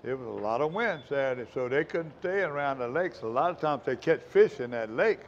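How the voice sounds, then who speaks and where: A man's voice: medium pitch, lively intonation, fairly quick, muffled recording, a little hiss or hum. A man hosting a fishing show, rambling in a folksy, casual way. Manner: rambling, folksy, talks with mouth full. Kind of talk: casual chat.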